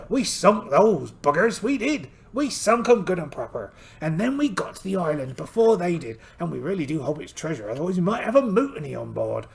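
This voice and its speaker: A man's voice: high-pitched, vocal fry, heavily acted. A man voicing a polite, boastful one-eyed pirate captain in a solo tabletop game, theatrical and full of exclamations. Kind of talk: in-character solo game narration.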